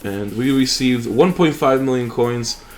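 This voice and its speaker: A man's voice: medium pitch, measured pace, darkish tone, a little hiss or hum. A young man hosting a mobile game channel, chatting casually and rambling with fillers and restarts over his gameplay.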